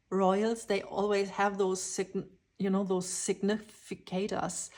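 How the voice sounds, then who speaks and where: A woman giving a dreamy, spontaneous channeled tarot reading, drifting into whispers and excited exclamations. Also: fairly low pitch. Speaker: tarot reader.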